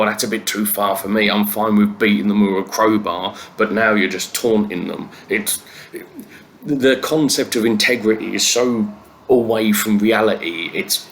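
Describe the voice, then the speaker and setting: A comedian going through the news in a sweary, sardonic rant full of fillers and restarts. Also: male voice, on the low side, fairly bright tone, slight background noise.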